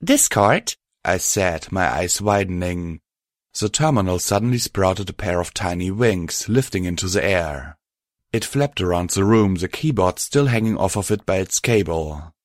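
A man narrating a story aloud in a steady, even storytelling manner. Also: low-pitched, moderate pace, no room sound, studio quality. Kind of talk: scripted audiobook narration.

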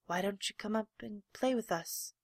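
A woman voicing a cheeky wild male rabbit who mocks and teases, loud and taunting, read as a storybook. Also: mid-range voice, moderate pace, no echo, studio quality, close to an everyday voice. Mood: teasing. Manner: loud and teasing. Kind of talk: storybook reading.

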